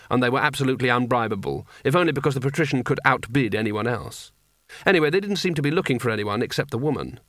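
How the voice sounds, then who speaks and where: A man narrating a comic fantasy story with dry, wry timing. His voice sits at a middling pitch. It is recorded close in a dead, dry space. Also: fairly bright tone, dry recording. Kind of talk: audiobook narration.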